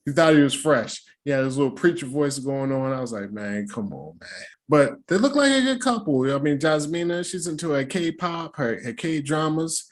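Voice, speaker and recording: A man's voice: fairly high pitch, moderate pace, hardly any pauses. A man hosting a reaction video, recapping a reality show in casual, profane, slangy commentary. He laughs often and slips into playful impressions.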